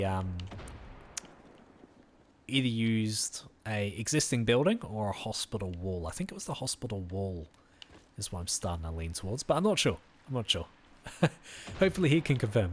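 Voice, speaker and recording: A man's voice: lowish voice, lively intonation, normal speed, a little hiss or hum. A tired man chatting casually with viewers while streaming a game, easygoing and friendly. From Australia. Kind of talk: casual live-stream chat.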